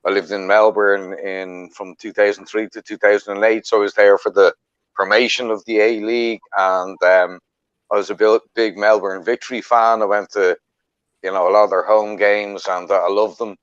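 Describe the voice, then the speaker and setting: A man's voice: lowish voice, little pitch movement, moderate pace, clear, resonant tone, no echo, muffled recording. A man from Ireland, chatting about football on a podcast panel, rambling with lots of restarts. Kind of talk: casual football chat.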